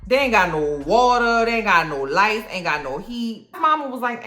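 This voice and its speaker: Sassy, animated woman recapping a show. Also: on the high side, normal speed, hardly any pauses. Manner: slangy, sassy, peppered with "okay?". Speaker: TV recap vlogger. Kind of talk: casual episode recap. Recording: echoey room with faint music.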